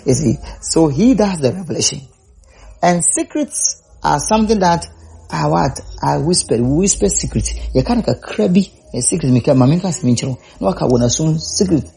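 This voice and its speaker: A man's voice: on the high side, lively intonation, normal speed, gravelly, warm tone, breathy edge. A man preaching a sermon, repeating words and rising to emphatic calls.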